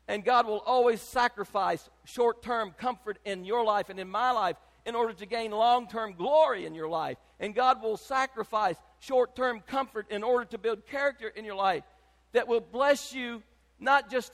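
An older man, preaching a sermon as pastor, emphatic and swinging between loud and soft. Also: sits high, vocal fry, big-room sound.

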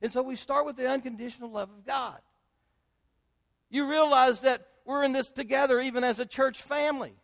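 An older man preaching a sermon as pastor, repeating phrases and swinging between loud emphasis and hushed, drawn-out words. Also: very high voice, steady tone, gravelly. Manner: repetitive, rhetorical build-ups. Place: church sanctuary. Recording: long hall reverb.

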